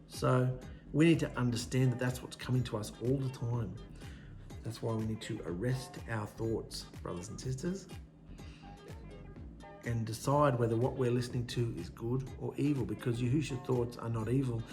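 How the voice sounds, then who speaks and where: A man delivering a sermon, forceful and deliberate, stressing one word after another. His voice sits at an ordinary middle pitch, and faint music plays underneath. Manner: emphatic, preaching in short, punchy lists. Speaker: preacher.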